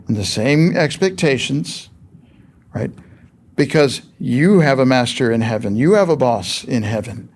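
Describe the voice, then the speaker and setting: A man preaching a sermon in a conversational, emphatic way, asking rhetorical questions of his listeners. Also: on the high side.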